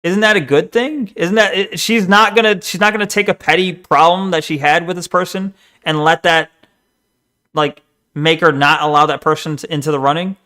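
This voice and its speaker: A young man live-streams his reaction to a video, venting in an exasperated, profane way. His voice sits a little higher than most men's. He talks loosely and casually, like he's arguing with the screen. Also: steady tone, normal speed, bright, forceful tone.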